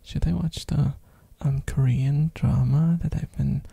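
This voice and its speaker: Slow, raspy, hoarse ASMR rambler with a throat infection, chatty and giggly, close on a binaural mic. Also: medium pitch, fairly even intonation, dark tone, no echo. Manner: rambling, with frequent fillers and giggles. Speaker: ASMR streamer. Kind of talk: soft-spoken ASMR rambling.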